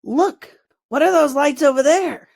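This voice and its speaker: A woman voicing loud, angry male goblins who shout roughly. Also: high voice, unhurried, voice pushed up.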